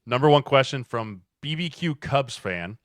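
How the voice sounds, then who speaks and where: A man's voice: mid-range voice, expressive, normal speed, no echo, studio quality. A man co-hosting a football podcast, reading viewer questions and plugging the channel in easygoing casual chat.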